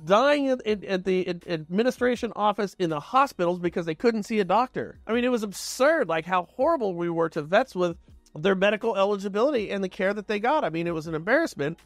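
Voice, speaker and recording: A man hosting a real estate show, telling a story in a casual, animated way and acting out both sides of the conversations. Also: high-pitched, fast, no echo, faint music behind. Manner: conversational, animated retelling with quoted dialogue.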